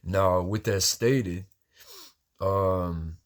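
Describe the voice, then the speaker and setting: A man's voice: deep voice, extremely slow. A man talking in a casual, rambling monologue, agitated and heavy on profanity.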